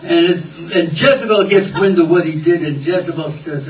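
A man's voice: a little high, moderate pace, few pauses. A man preaching a sermon in a folksy, conversational way, often repeating his words. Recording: roomy, distant, faint ambience.

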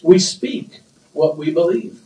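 A man's voice: fairly high pitch, slow pace, mellow, slight background noise. A man preaching a sermon as pastor, emphatic, repeating phrases and drawing responses from the congregation. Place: church sanctuary. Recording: roomy church echo, distant mic.

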